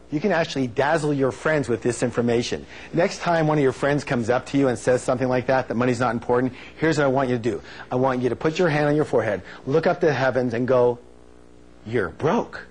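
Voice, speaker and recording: A man giving a live motivational seminar on stage, energetic and playful, drawing call-and-response answers from the audience. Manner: playful, acts out quotes in high silly voices.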